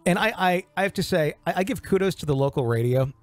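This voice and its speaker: A man's voice: high-pitched, animated, fast talker, no room sound, faint music behind. A man hosting a podcast in casual chat, joking and mimicking radio DJs. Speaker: podcast host.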